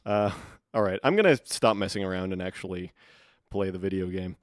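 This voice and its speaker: A man's voice: low-pitched, a little fast, dry recording, clean studio sound. A man streaming a game live, chatty and joking, thinking aloud as he plays. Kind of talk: live gameplay commentary.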